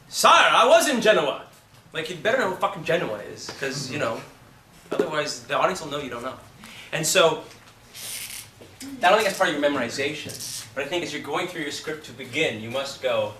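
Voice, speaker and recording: A man teaching an acting class, talking casually and telling lively stories with the odd curse. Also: mid-range voice, a little hiss or hum. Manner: chatty, animated storytelling with profanity. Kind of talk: classroom lecture with anecdotes. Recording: roomy classroom from a distance.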